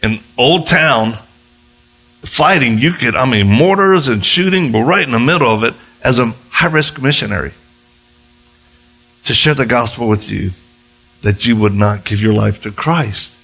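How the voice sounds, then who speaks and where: A man from the United States preaches with a gravelly, bright edge to his voice. He tells stories in a lively way and often pops up into high voices to act out the people he quotes. His tone is a little husky, with faint music underneath. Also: unhurried. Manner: animated, jumps into high voices when quoting others. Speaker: missionary preacher. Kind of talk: sermon with storytelling.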